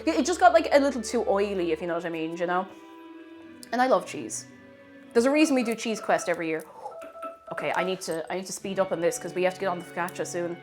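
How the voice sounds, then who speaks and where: A woman's voice: fairly low pitch, animated, quick pace, soft background music. A young Irish woman with a Tipperary accent, chatting and giggling with her viewers while cooking on a live stream. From Tipperary, Ireland. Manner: chatty, giggly, greets chat warmly. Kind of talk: casual cooking stream chat.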